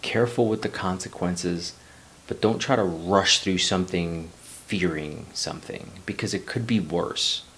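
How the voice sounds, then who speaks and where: Deep-voiced 40s guy from new york, loose rambly storytelling, swears a bit. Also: unhurried, creaky, a bit bright. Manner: rambling, loose, swears casually, drifts into life lessons. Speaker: vlogger. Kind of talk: casual personal storytelling.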